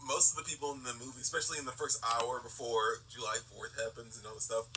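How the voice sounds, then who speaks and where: A man's voice: medium pitch, steady tone, quick pace. A man co-hosting a podcast, giving sarcastic, joking commentary on a movie. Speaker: podcast co-host. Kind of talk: casual movie recap chat. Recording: distant mic with faint background hiss.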